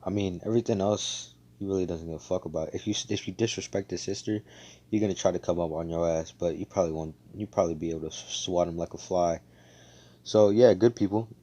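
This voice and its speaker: Brief: young man, laid-back slangy storyteller, deep voice. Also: fast talker, dark tone. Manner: casual, slangy, profane, many fillers. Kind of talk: casual fan-fiction retelling.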